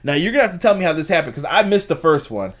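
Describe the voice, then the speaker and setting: A man's voice: on the high side, very fast. A man hosting a casual live-streamed wrestling review, recapping matches and reacting to chat. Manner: animated recapper who acts out quotes and laughs at chat. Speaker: wrestling review podcast host.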